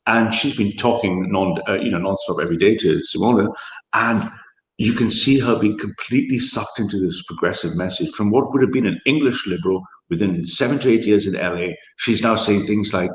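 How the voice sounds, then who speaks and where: A man's voice: fairly low pitch, fairly quick. Rambling man in an echoey room. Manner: rambling, animated, many fillers. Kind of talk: conversational political chat.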